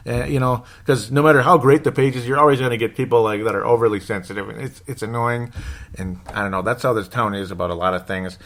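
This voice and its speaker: A man's voice: mid-range voice, fairly even intonation, quick pace, fairly bright tone. A man hosting a casual sports fan podcast, rambling and chatty as he reads out listener comments. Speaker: podcast host.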